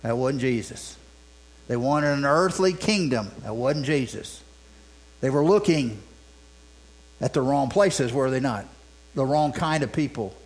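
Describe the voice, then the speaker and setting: A man's voice: mid-range voice, animated, unhurried, long pauses, poor audio. A man preaching a sermon in a conversational way, with many restarts and rhetorical questions. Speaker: pastor. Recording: mains hum.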